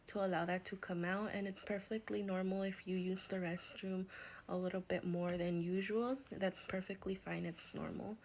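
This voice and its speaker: A woman in a whispered guided healing session, speaking in a soft, soothing whisper with gentle reassurance. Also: fairly low pitch, vocal fry, a little hiss or hum, poor audio. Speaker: reiki healer.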